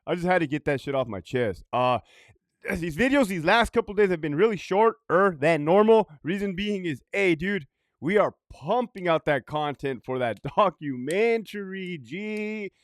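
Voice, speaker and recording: A man's voice: sits high, expressive, moderate pace, no echo, studio quality. A man who is a former prison guard, ranting profanely in a casual vlog, rambling and often laughing.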